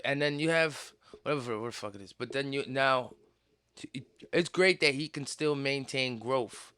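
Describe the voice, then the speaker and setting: Brash, bright-voiced New man. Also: medium pitch, moderate pace, clean tone, no echo. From Puerto Rican, raised in New York. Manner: animated, slangy storytelling with swearing. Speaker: podcast host. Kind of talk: casual podcast chat.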